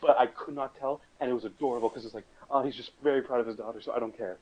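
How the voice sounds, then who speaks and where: A man's voice: mid-range voice, steady tone, very fast, a little mellow, breathy edge, poor audio. A young man on a casual podcast chat, telling a story in a joking, rambling way and restarting his sentences. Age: young adult.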